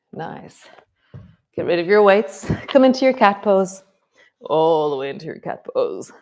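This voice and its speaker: A woman teaching a yoga class, giving calm, slow movement cues with soft trailing words. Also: on the low side. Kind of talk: guided yoga class instruction.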